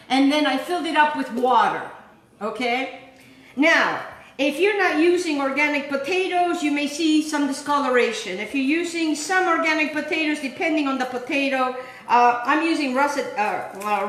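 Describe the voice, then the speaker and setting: A high-pitched woman hosts a casual cooking demonstration, talking in a chatty, rambling way and repeating her words. Her voice rings with the echo of a roomy kitchen. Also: a bit bright. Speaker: cooking show host.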